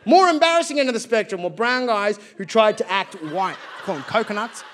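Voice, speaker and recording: A man's voice: sits high, animated, brisk, noisy background. An Australian man performing live stand-up comedy on a theatre stage, chatty and storytelling with punchy asides.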